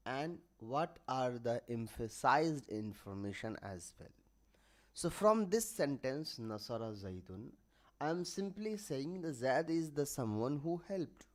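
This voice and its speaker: A man teaching a grammar lesson online, explaining terms step by step and often pausing to correct himself. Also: mid-range voice. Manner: halting, with restarts and self-corrections; writes examples while explaining.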